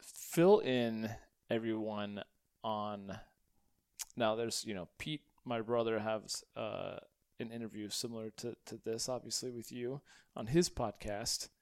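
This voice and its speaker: A young adult man hosting a podcast and interviewing his father, playful and quick to laugh. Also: fairly low pitch, steady tone, smooth, no room sound. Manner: playful, laughs often, upbeat. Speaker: podcast host.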